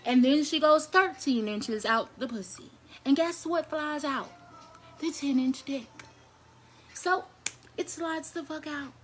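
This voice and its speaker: A young adult woman telling a blunt, crude story to her viewers in a casual, animated way. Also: high-pitched, slight background noise. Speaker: storyteller vlogger.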